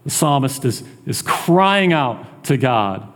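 A man's voice: mid-range voice, big pitch swings, slow pace. A man preaching a sermon in an earnest, conversational way, with plenty of restarts. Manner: earnest, conversational, acts out taunts in a raised voice.

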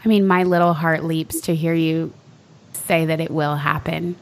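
A woman's voice: low-pitched, steady tone, moderate pace. A woman interviewing her guest, responding encouragingly and asking follow-up questions. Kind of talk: conversational interview.

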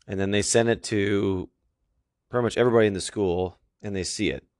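Earnest low-voiced man preaching. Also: steady tone, brisk, darkish tone, no room sound, studio quality. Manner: earnest, emphatic, reads verses aloud. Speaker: youth pastor. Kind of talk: sermon with scripture reading.

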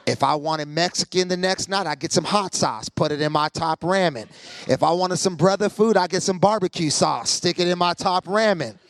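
A man preaching with comic stories, acting out each voice and stammering when he gets excited. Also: high voice, normal speed, no room sound. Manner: animated, acts out every voice in his stories. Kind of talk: comic storytelling sermon.

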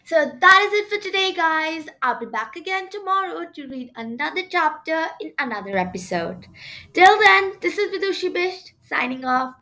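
Young woman, storybook reader, high bright voice, very lively pitch. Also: normal speed. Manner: animated, expressive. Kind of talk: reading a children's book aloud.

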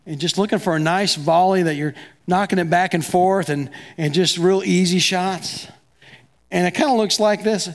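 A man's voice: high-pitched, normal speed. A man preaching a sermon as pastor, talking conversationally and acting out both sides of quoted dialogue.

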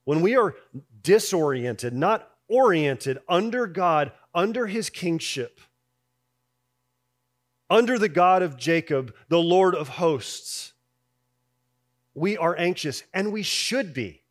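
Male pastor, fairly high voice, casual conversational sermon delivery, soft drops for emphasis. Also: lively intonation, slow, pauses often. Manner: conversational preaching, drops soft on key lines, rises when voicing doubts.

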